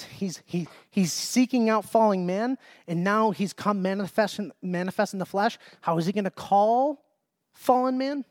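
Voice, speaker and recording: A man's voice: high voice, no echo, clean studio sound. A man preaching a verse-by-verse Bible sermon, reading scripture aloud and then explaining it earnestly, often restarting his sentences.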